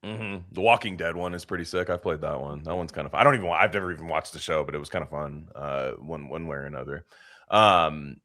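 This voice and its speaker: A man hosting a podcast in casual, crude banter, rambling and swearing, now and then mocking accents in a high put-on voice. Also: quick pace, bright, forceful tone. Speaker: podcast host.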